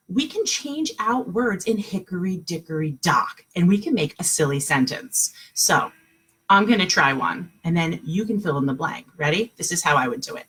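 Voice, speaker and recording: A woman teaching a kindergarten class online from home, speaking slowly and clearly in a sing-song, encouraging way for small children. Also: fairly low pitch, animated, fairly bright tone.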